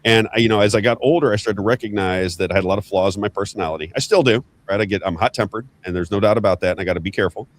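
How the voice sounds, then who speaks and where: Fast, emphatic male talk show host. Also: fairly low pitch. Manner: emphatic, excitable, repeats himself. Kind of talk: political talk show chat.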